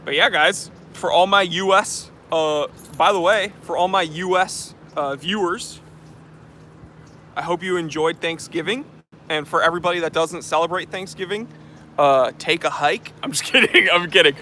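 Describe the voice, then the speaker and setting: Streamer host, male, fairly high voice, put-on posh English accent, rambling joker, phone on tripod outdoors. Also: moderate pace, sharp tone, slight background noise. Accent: affected posh English. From New Hampshire, US. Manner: joking, rambling, with frequent fillers. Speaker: channel host reading live chat. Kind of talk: casual livestream chat. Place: outdoors on a street. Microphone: phone on a handheld tripod.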